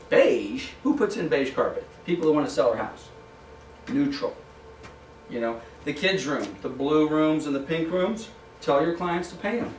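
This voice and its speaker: A man's voice: fairly high pitch, measured pace, slight background noise. A man teaching a live real estate training class, acting out short dialogues with clients and sellers in shifting voices. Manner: animated, acts out little dialogues with shifting voices. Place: office training room. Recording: echoey room, mic at a distance.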